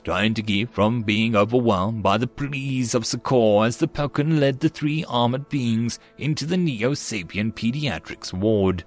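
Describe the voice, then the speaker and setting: A man narrating a web novel audiobook in an animated storytelling manner. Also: mid-range voice.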